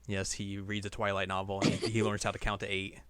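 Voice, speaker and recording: A man's voice: on the low side, monotone, fast talker, crowd noise. A man co-hosting a podcast, chatting casually and slipping in wry jokes. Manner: wry, joking asides. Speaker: podcast co-host. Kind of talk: casual chat.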